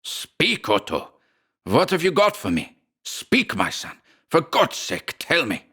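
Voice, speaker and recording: A man voicing a gruff, menacing old father whose vibrating voice turns impatient and passionate as he demands money. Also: on the high side, huge pitch swings, slow pace, sharp tone, pitched above the performer's own voice, heavily acted. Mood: desperate. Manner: impatient, passionate, half-stifled.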